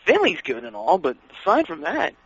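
A man in casual chat, excitedly telling wrestling stories and acting out what others said. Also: high-pitched, normal speed, breathy edge, no echo. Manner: excitable, acts out quoted voices, laughs while telling. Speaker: wrestling fan guest. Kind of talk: casual chat, animated storytelling. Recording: dull lo-fi radio sound.

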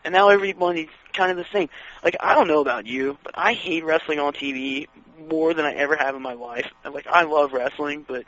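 A man in casual chat, excitedly telling wrestling stories and acting out what others said. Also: fairly high pitch, a little fast. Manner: excitable, acts out quoted voices, laughs while telling. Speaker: wrestling fan guest. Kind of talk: casual chat, animated storytelling. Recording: dull lo-fi radio sound.

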